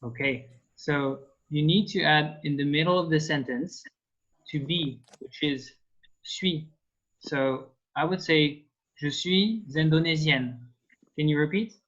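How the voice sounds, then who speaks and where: A man from France, his voice on the high side and fairly bright, teaches a language class online at an unhurried pace. The call audio is dull and lo-fi, and he explains things patiently with a French accent and frequent fillers.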